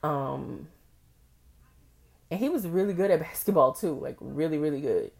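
Young woman podcaster, lowish voice, swears a lot, laughs thru her own story. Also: moderate pace, creaky. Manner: candid, profane, animated, laughs often. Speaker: podcast host. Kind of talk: personal storytelling.

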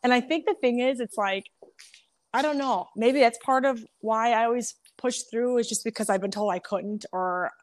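A woman's voice: fairly high pitch, normal speed. A woman who owns a salon, telling stories candidly and laughing often, frank and self-deprecating with casual swearing. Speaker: salon owner, guest. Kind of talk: candid storytelling.

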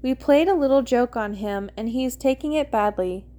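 A woman's voice: fairly high pitch, normal speed, warm tone, close to an everyday voice. A woman voicing a whining, sheepish young man in a story she reads aloud. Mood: whiny.

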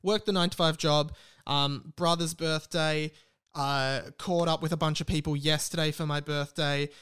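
A young man in his twenties talks through a solo podcast, wandering from thought to thought and poking fun at himself. His voice sits a little high for a man and comes across smooth and clear on a close mic. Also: steady tone, normal speed, fairly bright tone. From Australia. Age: 20s. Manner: rambling, self-deprecating, chatty. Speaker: podcast host.

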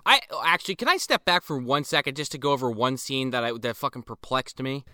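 A man casually retelling movie scenes with friends, animated and profane. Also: medium pitch, fast, clear, resonant tone, no echo, clean studio sound. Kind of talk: casual movie recap chat.

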